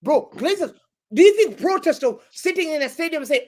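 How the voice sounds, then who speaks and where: A man's voice: very high-pitched, big pitch swings, brisk, a little mellow. A man on a live-streamed football show, mocking a rival club with gleeful, slang-heavy banter over a desk microphone. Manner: mocking, gleeful, uses London street slang. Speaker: guest pundit.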